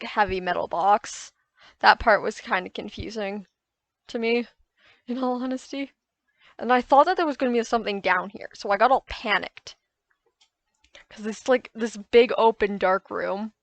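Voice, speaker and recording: With no room sound around her medium-pitched voice, a woman YouTuber narrates her own gameplay casually and at length. She keeps correcting herself as she goes over her frustrations.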